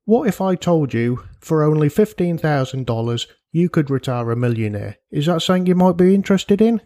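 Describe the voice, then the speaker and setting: A slimy Cockney salesman, put on by a podcast host, pushes a too-good-to-be-true deal in a wheedling patter. The voice rides high and fast with a gravelly edge. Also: animated, warm tone, dry recording, clean studio sound. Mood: slick, pitching.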